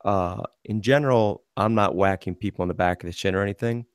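A man's voice: fairly low pitch, a little fast, clear, resonant tone, no room sound, clean studio sound. A man hosting a casual sports podcast, telling rambling stories about playing goalie in a hockey league and laughing as he goes. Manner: rambling storyteller, laughs through his anecdotes.

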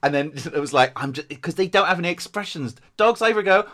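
A man's voice: high voice, expressive, quick pace, very noisy. A man, a voice actor, telling rambling anecdotes in a casual chat and laughing often. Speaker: podcast co-host, voice actor.

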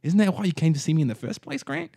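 A man's voice: sits high, wildly swooping pitch, rapid-fire, gravelly, dark tone, no echo, clean studio sound, voice pushed up, exaggerated voice. A man voicing a menacing, condescending bald gang boss who lectures and taunts in a tabletop game. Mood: menacing taunting. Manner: taunting, lecturing, repeats the listener's name.

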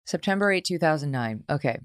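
A woman's voice: low-pitched, lively intonation, fast talker, no echo, studio quality. A woman hosting an interview, asking articulate, leading questions in a conversational way. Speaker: interview host.

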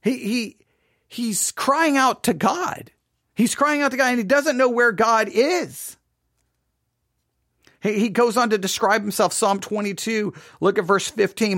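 Earnest preaching man, high voice, dry close recording, restarts phrases often. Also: a little slow, fairly bright tone, no room sound. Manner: earnest, repeats and restarts phrases, rises when quoting cries. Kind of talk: impassioned sermon-style commentary.

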